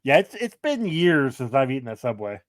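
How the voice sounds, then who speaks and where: A man's voice: medium pitch, very animated, a little fast, no echo, clean studio sound. A man co-hosting a casual movie-review podcast, telling rambling stories and correcting himself as he goes. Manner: rambling, self-correcting storyteller. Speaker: podcast co-host.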